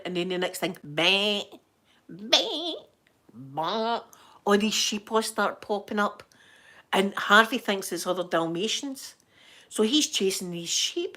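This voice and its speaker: A middle-aged Scottish woman chatting to her viewers, telling stories and acting out her own panicked screaming in sudden high bursts. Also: a bit bright. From Scotland. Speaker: live-stream host. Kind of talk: casual storytelling chat to viewers.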